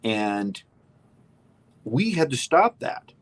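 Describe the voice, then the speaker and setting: A man's voice: mid-range voice, sing-song, extremely slow. A man co-hosting a casual political chat show, emphatic and opinionated, rambling with restarts. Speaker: co-host.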